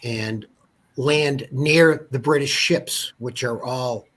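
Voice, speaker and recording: Husky Boston man telling a story. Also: mid-range voice, slow, a bit bright. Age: 50s. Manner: rambling, digressive history storytelling. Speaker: guest. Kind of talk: conversational storytelling.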